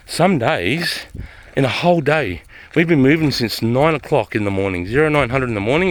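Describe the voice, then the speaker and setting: A middle-aged man with an Australian accent, a former soldier vlogging in a blunt, swearing, emphatic way and repeating his points. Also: mid-range voice. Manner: profane, emphatic, repetitive. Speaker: army veteran vlogger. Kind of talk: casual vlog talk.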